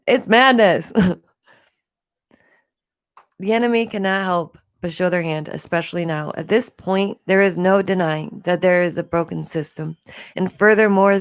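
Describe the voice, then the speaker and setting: A woman's voice: fairly low pitch, clear, resonant tone, no echo, clean studio sound. A woman hosting a casual livestream from home, talking in a rambling, chatty way and laughing often. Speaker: livestream host.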